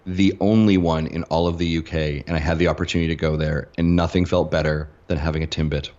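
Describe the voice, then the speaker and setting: A Canadian man chatting as a podcast guest, fast and chatty with stumbling restarts, over dull lo-fi audio. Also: a bass voice, level tone, darkish tone. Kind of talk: casual chat.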